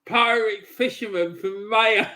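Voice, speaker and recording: High, bright-voiced man. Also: slow, creaky. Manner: relaxed, reads out viewer comments. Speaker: watch-along co-host. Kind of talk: casual football watch-along chat.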